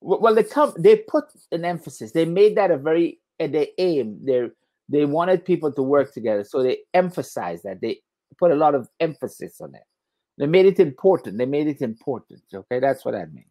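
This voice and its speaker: A man's voice: on the high side, lively intonation, dark tone. Tired, patient male English tutor. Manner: patient, repeats words slowly to explain. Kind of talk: one-on-one English lesson.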